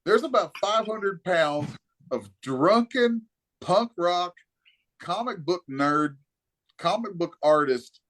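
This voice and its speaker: A man spins a rowdy anecdote in a slightly raised voice, swearing freely and staying animated throughout. He has the loose, casual manner of a guest in a laid-back chat. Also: high voice, slow pace. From Kentucky, USA. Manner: profane, animated storyteller. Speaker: guest, comic artist.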